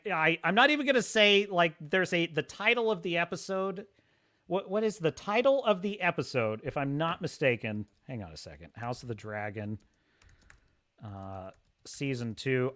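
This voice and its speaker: A man hosting a casual livestream, rambling excitably and reading chat messages aloud. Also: mid-range voice. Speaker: livestream host.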